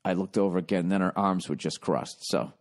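Profane, lower-voiced man telling a comic story. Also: a little fast. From United States. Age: 40s. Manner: profane, exasperated, swings into loud excited retelling. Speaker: podcast host.

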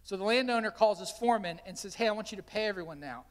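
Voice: mid-range voice, lively intonation, fast talker, big-room sound. A pastor preaching a sermon, telling stories and animatedly acting out the quotes. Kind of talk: sermon with storytelling. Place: church sanctuary.

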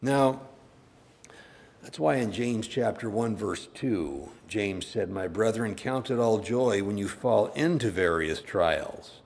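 A man pastor preaching a sermon, conversational and plain-spoken, with sudden animated bursts. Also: on the low side, takes it slowly, vocal fry.

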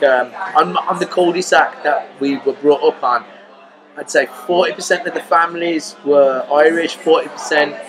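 A man with a Birmingham accent tells stories as a podcast guest, animated and jokey. His voice sits a bit high for a man, and a clear buzz of crowd chatter runs behind him. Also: poor audio. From Birmingham, England. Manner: animated, joking storyteller with crude humour. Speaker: guest comedian. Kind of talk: casual podcast chat.

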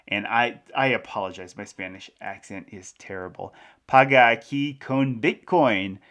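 A man's voice: on the low side, bright, forceful tone. A man hosting a crypto news show, reading an article aloud and adding casual commentary with small laughs.

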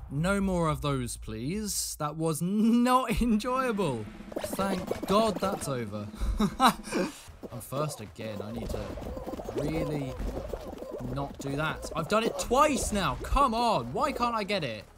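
A young man giving live gameplay commentary, excitable, swinging from muttered asides to yelling at the game. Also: fairly high pitch, slow pace, noisy background. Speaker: gaming video creator.

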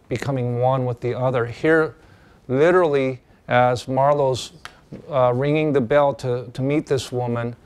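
A male teacher giving a casual classroom lecture, talking in a loose, conversational way with many fillers and restarts. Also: mid-range voice.

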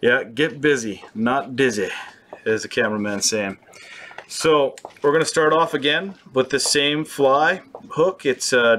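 A man's voice: mid-range voice, a bit bright. A young man hosting a fly-tying show, who keeps it casual and makes playful, self-mocking jokes as he works. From British Columbia, Canada. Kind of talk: casual joking tutorial.

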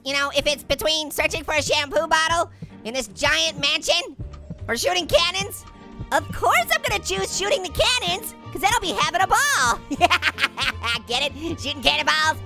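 A man's voice: gravelly, sharp tone, full character voice. A man voicing a hyper, wisecracking male cartoon orange who giggles and puns through comedic gameplay commentary. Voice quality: squeaky, pitched-up cartoon voice. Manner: giggly, punning, jokey. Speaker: let's play host.

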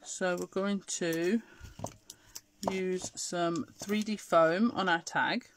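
A woman's voice: fairly low pitch, steady tone, slow, a little hiss or hum. Chatty English-accented woman hosting crafts. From Scotland. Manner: chatty, answers viewer comments while working. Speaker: craft show host. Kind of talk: live crafting demonstration.

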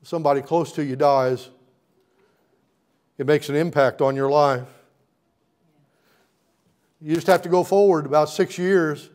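A man's voice: a little high, fairly even intonation, measured pace, pauses often, a little mellow. A middle-aged man, a pastor, preaching an emphatic sermon in a church, building with repeated rising phrases. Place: church sanctuary.

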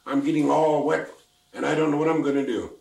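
A man's voice: on the high side, steady tone, brisk, vocal fry, a little mellow. An older man voicing a spoiled little girl who pleads and wails in a frantic whine. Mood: wailing. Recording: roomy, mic at a distance.

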